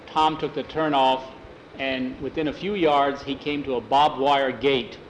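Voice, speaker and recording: A man's voice: medium pitch, steady tone, measured pace, a little hiss or hum, rough recording. A man telling a western story aloud in a folksy way, tagging lines with "he says.". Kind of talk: oral storytelling.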